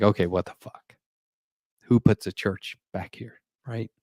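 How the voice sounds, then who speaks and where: A man's voice: fairly low pitch, darkish tone, no room sound. A middle-aged man telling a rambling, profane story in casual chat, laughing as he goes. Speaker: podcast host. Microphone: desk mic for a live stream.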